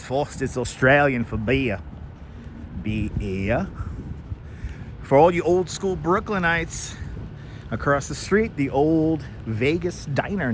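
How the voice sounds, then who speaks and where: A man's voice: on the high side, fairly bright tone, slight background noise. A man hosting a casual live walking-tour stream outdoors, chatting and greeting viewers by name on a clip-on mic. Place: outdoors on a city street. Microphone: wireless clip-on mic.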